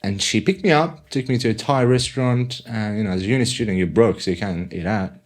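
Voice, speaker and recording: A man from Iran, a podcast guest telling his personal story in an animated way and acting out quotes. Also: on the low side, a little fast. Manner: animated storyteller, acts out quotes, many yeahs. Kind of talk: personal testimony in conversation.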